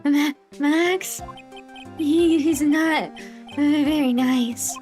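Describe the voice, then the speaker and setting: A jittery, stammering man who trips over every word, as a woman puts him on. He halts and repeats syllables, slow and high-pitched, with faint music behind. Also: a little mellow. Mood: nervous. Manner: stuttering, hesitant. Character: stammering nervous male ventriloquist, timid.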